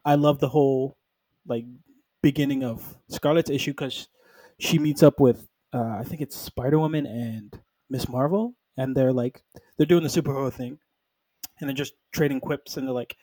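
A man with a warm, mellow voice, recorded dry and close. He chats casually about comics, sprinkling in "like" and jumping into quick acted-out quotes from the characters. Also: medium pitch, no room sound, poor audio. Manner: animated storytelling, acting out characters in quick quoted lines; peppers speech with "like". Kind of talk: casual comic book chat.

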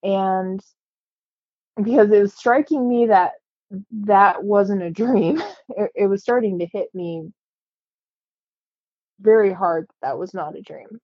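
A woman earnestly telling a personal story in a casual, halting way, with frequent fillers. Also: mid-range voice, no room sound, lo-fi sound.

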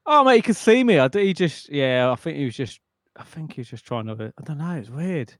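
A man's voice: fairly high pitch, lively intonation, brisk, no room sound. A man co-hosting a podcast, telling a story in a casual, rambling way with lots of restarts. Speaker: podcast co-host. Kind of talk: casual chat.

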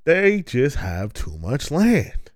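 A man's voice: mid-range voice, wildly swooping pitch, slow, no echo, studio quality. A man hosting a podcast, riffing through a rambling, profane comic monologue with bursts of laughter. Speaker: podcast host.

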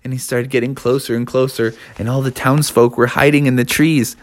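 A man's voice: mid-range voice, fairly even intonation, fairly quick. A man narrating an improvised children's story in a playful, sing-song way.

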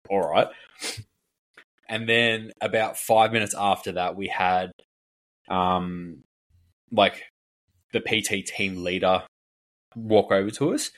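Low-voiced man telling stories. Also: fairly bright tone. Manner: rambling storyteller, heavy filler words, acts out quoted people. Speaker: fitness coach and podcast co-host. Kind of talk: casual podcast chat.

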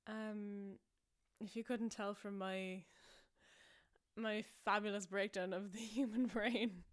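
A young woman with an Irish accent tells a story to her podcast listeners. She talks in a loose, rambling way, full of "like" and "um", and she often laughs at herself. Her voice sits at a middle pitch for a woman. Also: fairly even intonation, slow pace. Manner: chatty and self-mocking, laughing often, many fillers. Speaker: podcast host.

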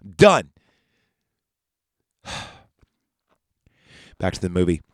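A man's voice: low voice, sing-song, very slow, no room sound, clean studio sound. A man hosting a casual podcast, recapping a movie from memory with profane, rambling rants and asides. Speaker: podcast host.

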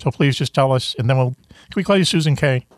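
A man's voice: medium pitch, fairly quick, no room sound. A man with a Boston accent hosting a casual video-call chat show, rambling and self-deprecating with lots of fillers. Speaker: host.

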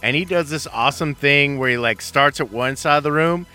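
A man co-hosting a podcast, chatting in a relaxed, agreeable way about a film. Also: fairly high pitch, fairly quick, clean tone, soft background music. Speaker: podcast co-host. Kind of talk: casual chat.

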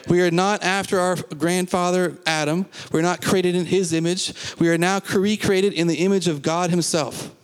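A man's voice: high voice, fairly even intonation, normal speed, hardly any pauses, smooth, in a large hall. A man preaching a sermon to a congregation, emphatic, repeating phrases and asking the listeners questions. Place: church.

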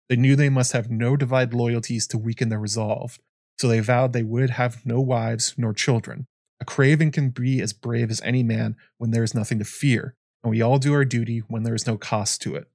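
A man's voice: mid-range voice, a little mellow, no room sound, studio quality, close to an everyday voice. A man reading aloud as an ancient, blind, weary male scholar, solemn and reflective. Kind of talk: reading a novel passage aloud.

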